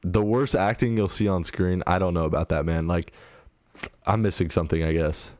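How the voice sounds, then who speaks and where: Low-voiced hesitant man. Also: steady tone, moderate pace, a little mellow, no echo, studio quality. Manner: hesitant, mild and defensive. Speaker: reaction video host. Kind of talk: casual reaction commentary.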